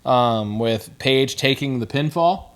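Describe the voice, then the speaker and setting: A man's voice: mid-range voice, slow pace, clear, resonant tone. A man co-hosting a podcast, recapping wrestling matches in loose casual chat, joking and often restarting his sentences. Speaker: podcast co-host.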